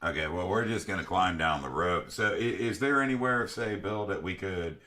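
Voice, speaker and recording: A man's voice: low-pitched, moderate pace, pushed and bright. A man playing a tabletop fantasy game, speaking with formal, old-fashioned phrasing in character. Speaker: player.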